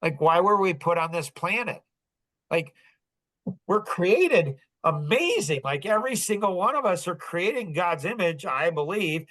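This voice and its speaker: A man hosting a business podcast, telling a story in casual talk, animated and laughing often as he acts out dialogue. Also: sits high, measured pace, poor audio. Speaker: podcast host.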